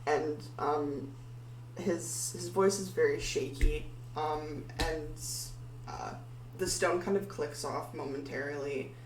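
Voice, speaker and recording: Speaking slowly in a deep voice, a woman narrates as game master of a tabletop game. She sounds hesitant, her speech full of ums and likes. The room is echoey, she is far from the mic, and a faint hum runs underneath.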